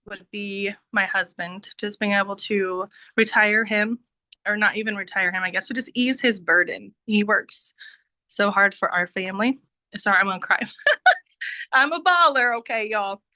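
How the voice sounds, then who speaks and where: Woman on a video call giving her testimony, bright punchy voice, dry sound, laughs a lot. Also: mid-range voice, a little slow, no echo, rough recording. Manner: warm, heartfelt, frequent laughs and fillers. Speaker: business team member giving a testimony.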